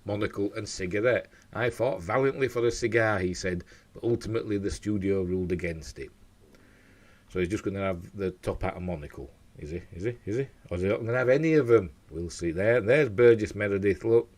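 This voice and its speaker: This man's voice sits on the low side, fairly quick and a little mellow. He runs a laid-back news show at home, reading stories aloud, drifting into talkative tangents and frequently tripping on his words.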